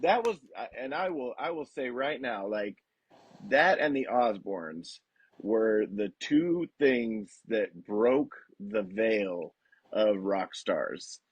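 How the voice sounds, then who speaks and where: Male podcast guest, husky and dry, animated storyteller who swears freely and slips into voices. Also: on the low side, slow, no echo, dull audio. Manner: animated, profane, acts out quotes in put-on voices. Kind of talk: casual podcast chat.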